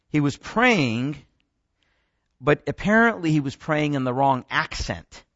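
A man delivers a spoken lecture, speaking at an ordinary pitch. He often trips over words and restarts phrases, drifting into asides. The recording is muffled and dry. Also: fairly bright tone, dry recording. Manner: rambling, many restarts and asides.

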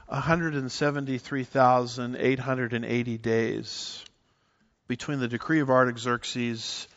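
Preacher, male, mid-pitched, emphatic teaching delivery, slightly dull recording. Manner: animated, emphatic teaching with scripture references. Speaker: pastor. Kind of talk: sermon.

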